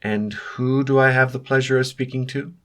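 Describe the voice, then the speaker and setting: A man voicing a young male graduate intern who speaks carefully and tries to calm things down. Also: medium pitch, normal speed, pitched above the performer's own voice, natural voice. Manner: careful, conciliatory.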